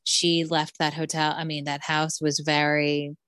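Laid-back young woman, lowish voice, dry sound. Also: clean tone, dry recording. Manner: relaxed, drawn-out, lots of fillers like "like" and "um". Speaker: podcast co-host. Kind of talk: casual chat about reality TV.

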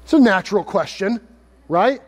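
A pastor preaches with a high, bright-edged voice, chatting with the crowd and cracking jokes between points. His words ring out in a long hall reverb. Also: animated, normal speed, lo-fi sound. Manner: conversational, joking, rhetorical questions. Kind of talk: sermon.

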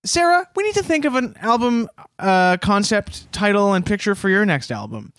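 A man's voice: high voice, big pitch swings, normal speed, a bit bright. A man co-hosting a comedy podcast, talking in an easygoing, hesitant way with many fillers. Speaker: podcast co-host. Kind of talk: casual comedy podcast chat.

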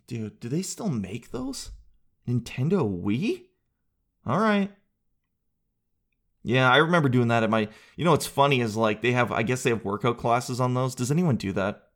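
Male solo podcast host, rambling comic riffs, mid-range pitch. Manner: rambling, jokey, riffing with crude asides. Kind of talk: solo comedic podcast chat.

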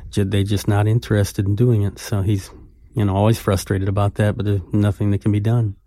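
A man's voice: fairly low pitch, little pitch movement, brisk, warm tone, no echo, studio quality. Older man telling rambling anecdotes. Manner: rambling anecdotes with frequent laughs. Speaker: music interviewer and writer. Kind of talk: relaxed storytelling interview.

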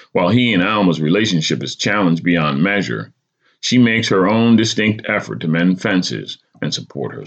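Man, very low voice, lively intonation, measured story narration, dull lo-fi recording. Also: creaky, breathy edge. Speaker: podcast host.

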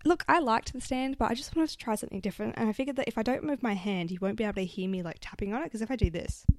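A woman's voice: fairly high pitch, very fast. A woman, telling stories in a casual, chatty way, swearing often and filling with "like", into a handheld mic. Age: 20s. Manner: chatty, swears a lot, lots of fillers. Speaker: vlogger. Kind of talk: casual storytelling. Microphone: handheld microphone.

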